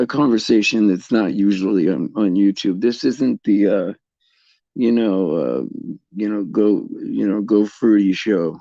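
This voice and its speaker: Man, middle-aged, very gravelly, slow, halting restarts, dry dull recording. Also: fairly low pitch, dark tone, no room sound. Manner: halting, repeats words, many restarts. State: tearful at times. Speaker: host. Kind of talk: casual faith talk to viewers.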